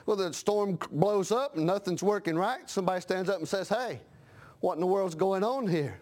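A middle-aged preacher delivers a homespun sermon in a notably high voice, punctuating his points with amens. He slips into the voices of the people he describes and hammers each point with plain country talk. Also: moderate pace, darkish tone. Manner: folksy preaching with frequent amens, acts out voices. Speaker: pastor.

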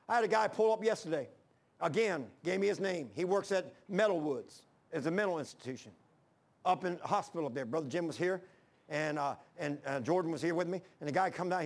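A man, preaching a sermon as pastor in an impassioned, folksy storytelling way. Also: high-pitched.

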